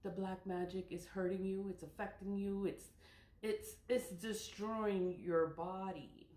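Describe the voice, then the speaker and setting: A woman's voice: mid-range voice, fairly even intonation, unhurried, warm tone. A woman in her forties talking casually and emphatically to camera, often breaking into laughter. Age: 40s. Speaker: spiritual vlogger. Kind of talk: casual monologue. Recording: echoey room.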